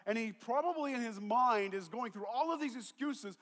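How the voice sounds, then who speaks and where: A man preaching with a high, light voice that carries a long reverb through a large hall. He talks casually and animatedly, slipping into the voices of the people in the story as he tells it. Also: big pitch swings, normal speed, hardly any pauses, a bit bright. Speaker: pastor. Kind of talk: sermon.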